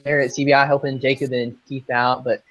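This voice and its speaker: A man's voice: medium pitch, flat delivery, fairly quick, a bit bright, dry recording. A young man from Northeast Texas, a guest meteorologist on a casual interview, polite and eager. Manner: polite, says "yes, sir", eager. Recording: dull lo-fi video call.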